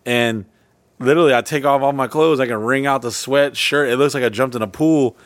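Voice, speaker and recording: A man co-hosting a podcast in casual chat, telling profane stories loudly and jumping up in pitch. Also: fairly even intonation, fairly quick, no room sound, clean studio sound. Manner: profane, loud storytelling with sudden pitch jumps. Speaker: podcast co-host.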